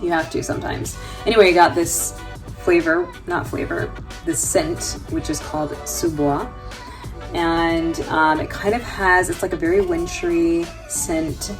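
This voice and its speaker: An American woman from New York talks through her travel finds in a relaxed vlog. Her voice sits low and she takes her time, joking, laughing and filling pauses with ums, over faint background music. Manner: chatty and joking, laughs often, many fillers. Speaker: travel vlogger. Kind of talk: casual vlog chat.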